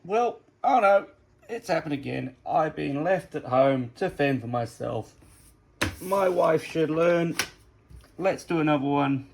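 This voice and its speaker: A man's voice: fairly high pitch, lively intonation, unhurried, creaky, a little hiss or hum, low-quality recording. A man from England doing a casual, self-mocking home cooking vlog, chatting to his dogs between steps. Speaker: cooking vlogger.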